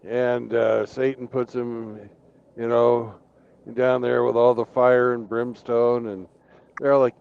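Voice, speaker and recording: A man's voice: medium pitch, level tone, slow pace, vocal fry, clear, resonant tone. Swearing fifties man telling jokes. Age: 50s. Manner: casual storyteller, swears, lots of uh fillers. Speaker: host. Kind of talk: casual live-stream chat. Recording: dull lo-fi audio.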